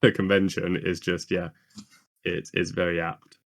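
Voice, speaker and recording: A man co-hosting a podcast, talking casually with many pauses and fillers. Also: low-pitched, level tone, vocal fry. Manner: hesitant, lots of ums and likes. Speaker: podcast co-host. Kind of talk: casual chat.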